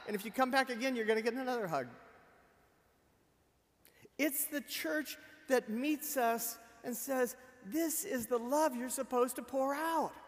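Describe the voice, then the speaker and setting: High-voiced man preaching in a reverberant hall. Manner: storytelling, animated, swings from loud emphatic to quiet. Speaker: pastor. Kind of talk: sermon at a memorial service. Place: church sanctuary. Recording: long reverb of a church hall.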